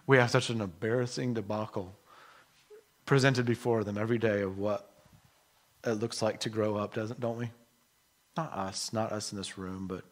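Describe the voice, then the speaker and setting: A middle-aged man preaching a sermon in an earnest, emotional way, moving between soft and emphatic delivery. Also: lowish voice. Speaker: pastor.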